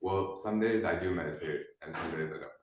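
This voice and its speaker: A man's voice: sits low, brisk. A young man, a student, answering in a hesitant way, full of ums and trailing answers. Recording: echoey room with faint noise.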